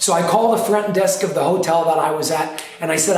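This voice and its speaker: A man's voice: on the high side, quick pace, few pauses, a little mellow, far from the mic. A man telling a personal story in an emphatic, dramatic way, repeating phrases for effect. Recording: very echoey room, off-mic, faint music.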